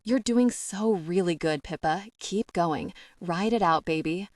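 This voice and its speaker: A commanding young man murmurs low and coaxing in an audiobook romance, as a woman narrator puts him on. His voice sits fairly low and close, with a dry, intimate sound. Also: a little slow, darkish tone, no room sound, far from the mic, close to an everyday voice.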